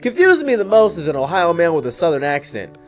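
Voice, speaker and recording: Brief: young male host, comedic storytime, deadpan and wry, fairly high voice that swings a lot. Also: fast, soft background music. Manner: deadpan, mock-dramatic, wry.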